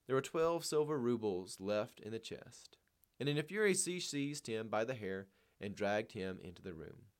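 A man reading a novel aloud and then lecturing on it in an earnest, emphatic way. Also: mid-range voice. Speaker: reader and commentator.

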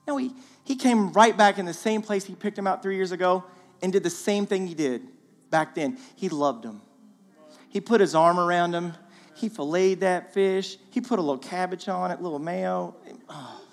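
A man giving a guest sermon in a church, animated and conversational with playful asides. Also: high-pitched, normal speed. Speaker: guest speaker. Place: church sanctuary. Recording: long church hall reverb, faint music.

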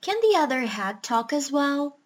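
A woman voicing a bossy, practical female duck who scolds briskly in a storybook reading. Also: high-pitched, very animated. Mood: scolding.

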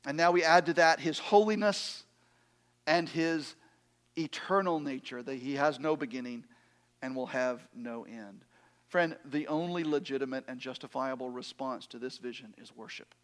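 A man pastor preaching a sermon, swinging from loud emphatic lines to hushed, falling phrases as he quotes scripture. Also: medium pitch, moderate pace. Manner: swells loud then drops to near-whispers for emphasis.

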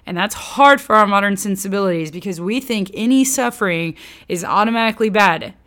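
A woman teaching on scripture, animated and chatty, her voice sitting at a middle pitch for a woman. She slips into quoted voices and casual slang, then slows down to stress a point. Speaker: Bible teacher.

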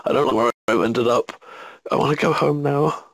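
A man's voice: medium pitch, moderate pace, no room sound. A man co-hosting a podcast in casual, crude, joking banter full of swearing. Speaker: podcast co-host.

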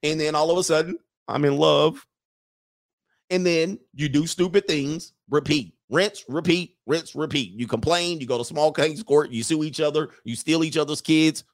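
A man's voice: a little high, normal speed, hardly any pauses. A man hosting a live show, riffing in a mocking, profane comic monologue, laughing often and reading out viewer comments. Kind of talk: casual comedic monologue.

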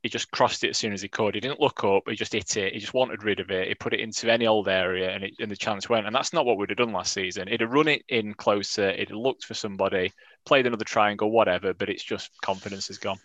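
A man's voice: fairly low pitch, quick pace, a bit bright, no echo. A man, co-hosting a football podcast and giving blunt, dry football talk. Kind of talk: casual chat.

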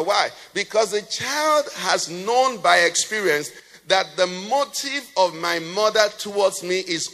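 Preacher guy, kinda high voice, long echo from the church hall, keeps asking the crowd to fill in the word. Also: fairly bright tone. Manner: asks the congregation questions and has them fill in the answer. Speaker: pastor. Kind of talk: sermon.

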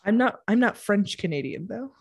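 A woman's voice: mid-range voice, lively intonation, moderate pace, breathy edge. A woman co-hosting a podcast in casual chat, playful and teasing. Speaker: podcast co-host.

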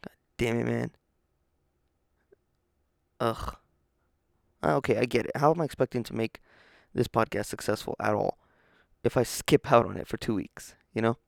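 Gravelly, tired-sounding male podcast host. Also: mid-range voice, normal speed, long pauses, no room sound, clean studio sound. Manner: rambling, self-deprecating, profane. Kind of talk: casual solo podcast rambling.

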